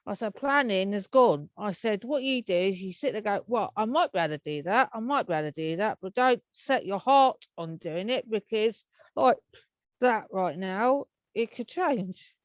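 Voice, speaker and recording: Guest spot: English woman, talkative and rambling, quick to laugh, mid-pitched voice, dry close recording. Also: lively intonation, no room sound, dull audio. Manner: chatty and rambling, laughs often. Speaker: interview guest. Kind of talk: casual interview chat.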